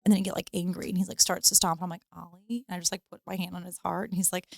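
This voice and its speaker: A woman's voice: fairly low pitch, flat delivery, racing, vocal fry, dry recording, clean studio sound. A woman co-hosting a casual podcast chat about parenting, rambling with many fillers. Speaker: podcast co-host.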